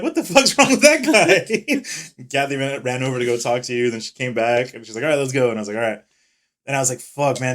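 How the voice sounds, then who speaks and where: Fast-talking man telling profane stories. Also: mid-range voice. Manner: swearing, animated retelling with quoted voices. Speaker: podcast co-host. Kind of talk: casual chat, storytelling.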